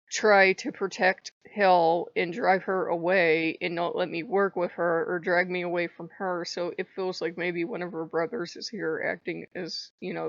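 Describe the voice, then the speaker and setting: A woman's voice: lowish voice, no echo, lo-fi sound. A woman host chatting casually in a vlog, talking in loose digressions and laughing often. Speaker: channel host. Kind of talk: casual rambling vlog chat.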